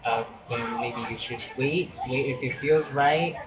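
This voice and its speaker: Young guy rambling on, earnest, restarting a lot, muffled lo-fi audio with a loud crowd behind. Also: medium pitch, a little slow. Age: young adult. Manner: earnest and rambling, many restarts, laughs often. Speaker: vlogger. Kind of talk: casual talk to camera.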